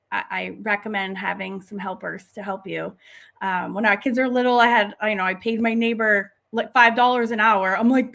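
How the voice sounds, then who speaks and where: A woman's voice: mid-range voice, vocal fry, a bit bright. A middle-aged woman hosting an online art class live stream, chatting casually and enthusiastically with viewers and laughing often. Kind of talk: casual live-stream chat reading comments.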